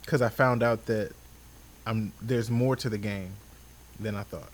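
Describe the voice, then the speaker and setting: A man co-hosting a podcast in casual chat, relaxed and hesitant, with many fillers and restarts. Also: fairly low pitch, unhurried. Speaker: podcast co-host.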